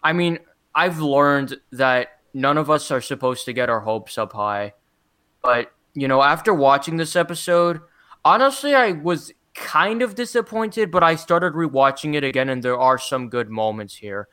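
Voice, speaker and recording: Bright, clear-voiced hesitant man. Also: a little high, normal speed. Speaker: podcast co-host reviewing cartoon episodes. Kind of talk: casual chat.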